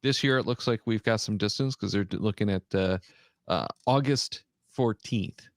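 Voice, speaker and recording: A man co-hosting a casual podcast chat, reading through a list with frequent pauses and fillers. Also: lowish voice, dry recording, clean studio sound. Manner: halting, many "uh" fillers while reading out a list. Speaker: podcast co-host.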